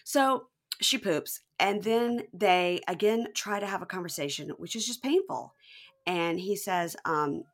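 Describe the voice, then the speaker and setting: A woman's voice: fairly low pitch, measured pace. A woman in her forties co-hosting a casual chat, recapping a reality show and acting out quotes in exaggerated voices. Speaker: podcast co-host.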